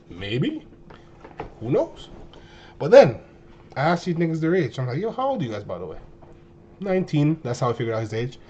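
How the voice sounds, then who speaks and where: A man in his twenties telling a story to his viewers in a casual, animated way, full of slang and exaggeration. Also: fairly high pitch, normal speed, pauses often, dull audio, a little hiss or hum. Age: 20s. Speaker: streamer.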